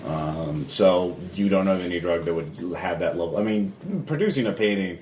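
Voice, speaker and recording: A man narrating as game master in a tabletop game, halting with many fillers. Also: deep voice, a little mellow. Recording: echoey room from a distance, background noise.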